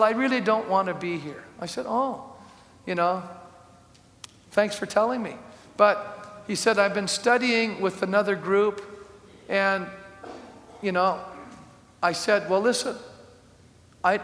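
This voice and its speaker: A pastor delivers his sermon in a high, ringing voice, telling a story and acting out the people in it before rising to emphatic declarations. His voice echoes through a large hall with a long reverb. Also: fairly bright tone. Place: church hall.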